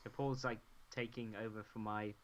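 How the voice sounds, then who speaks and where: A man's voice: on the low side, level tone, moderate pace. A man co-hosting a live stream, reading chat questions and laughing often in an upbeat, casual way. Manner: giggly, upbeat.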